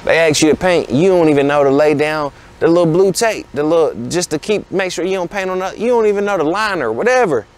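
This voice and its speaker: A man's voice: fairly high pitch, expressive, fast, hardly any pauses. A man around thirty, hosting a podcast and giving blunt, preachy life advice in a casual monologue that keeps circling back to rhetorical questions. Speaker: podcast host.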